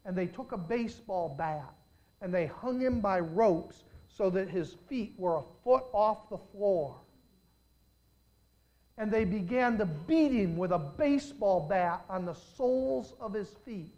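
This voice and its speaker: A man's voice: sits high, animated, a little slow, a little mellow, lo-fi sound. An older man preaching a sermon, telling dramatic stories and putting questions straight to his congregation.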